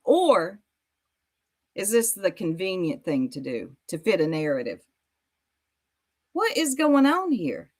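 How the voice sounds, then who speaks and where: A woman's voice: medium pitch, wildly swooping pitch, slow, pauses often, darkish tone. A woman hosting reaction commentary, mocking a clip and talking straight to her viewers with sass. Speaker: YouTube commentary host.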